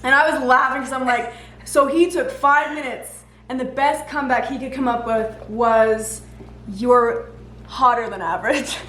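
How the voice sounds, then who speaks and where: A woman telling stories in a casual chat, animated and laughing often as she talks. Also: high-pitched, moderate pace. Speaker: guest. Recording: echoey room with faint background noise.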